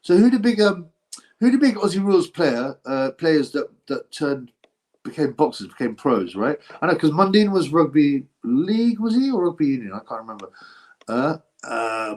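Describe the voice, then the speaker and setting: A man's voice: on the high side, big pitch swings, moderate pace, a little mellow. Rambling man chatting on a livestream. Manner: meandering, gossipy, asks himself questions and restarts often. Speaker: boxing channel host. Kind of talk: rambling livestream chat, answering viewer comments.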